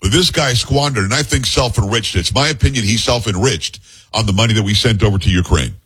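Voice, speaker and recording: A man's voice: lowish voice, fairly quick, fairly bright tone, husky. A man hosting a talk radio show, reading news stories aloud and breaking in with blunt personal opinions.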